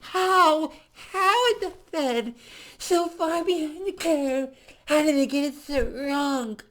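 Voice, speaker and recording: Woman, very high voice, slow questioning delivery, news clip. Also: a bit bright.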